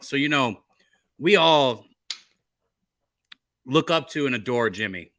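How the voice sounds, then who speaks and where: A man's voice: mid-range voice, expressive, slow pace, a bit bright, a little hiss or hum. A man co-hosting a podcast, chatting and teasing with crude humor. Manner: joking, crude banter. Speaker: podcast co-host. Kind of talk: casual chat.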